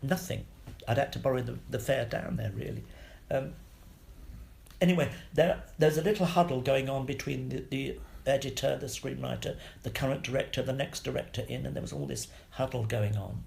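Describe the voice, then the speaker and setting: An older man, a guest actor, telling anecdotes in an interview, lively, swearing freely and laughing between stories. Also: medium pitch, normal speed, creaky.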